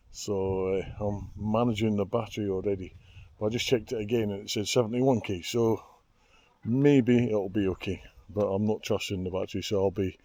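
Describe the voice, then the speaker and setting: A man's voice: on the low side, mellow, no room sound. An older Scottish man, a race sweeper, chatting casually and wryly to camera while cycling a coastal trail outdoors. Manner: chatty, wry and self-mocking. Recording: faint outdoor noise.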